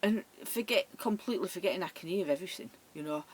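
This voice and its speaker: A woman vlogger tells funny dating stories in a chatty, laughing way, acting out other people's lines in their voices. Her voice is husky, fairly low, and fast.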